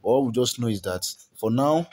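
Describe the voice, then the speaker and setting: A man's voice: medium pitch, lively intonation, moderate pace, a little mellow, breathy edge. A man with a Nigerian accent hosting a celebrity gossip vlog, talking casually, repeating and stumbling over words and chuckling often. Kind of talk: chatty celebrity gossip commentary.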